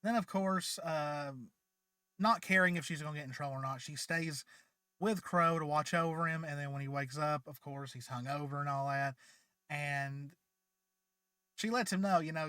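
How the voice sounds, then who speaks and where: This channel host, fairly high-pitched and pushed yet smooth and bright, rambles casually through a fan story at a moderate pace, his voice slightly raised and peppered with ums and restarts. Weariness comes through, and the audio is dry and close with no room sound.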